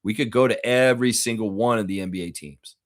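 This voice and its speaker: A man's voice: on the low side, fast. A man with a profane, heated manner, hosting a live reaction stream and reading out viewer comments. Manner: reads viewer comments aloud.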